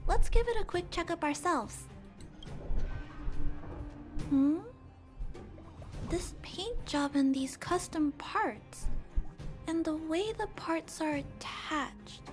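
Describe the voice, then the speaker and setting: A woman voicing a kind young girl who fixes robots, speaking softly, earnestly and thoughtfully. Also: very high-pitched, expressive, drawn-out words, long pauses, soft background music, exaggerated voice. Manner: soft, earnest, thoughtful explaining.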